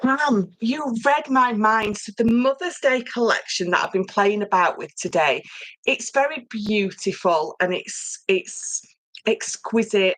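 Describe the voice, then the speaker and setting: A middle-aged woman hosting a casual livestream from her craft room, rambling warmly and reading out viewer comments. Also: mid-range voice, no room sound, rough recording. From England. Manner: chatty, rambling, reads viewer comments aloud. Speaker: papercraft host.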